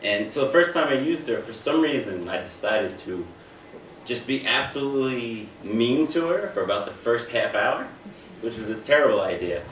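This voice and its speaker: Young American male comic, stand-up set, forceful voice, sounds distant with faint room noise. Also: mid-range voice, animated, moderate pace, echoey room. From United States. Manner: self-deprecating, repeats his openings. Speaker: stand-up comedian. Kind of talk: stand-up comedy. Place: stage in a room.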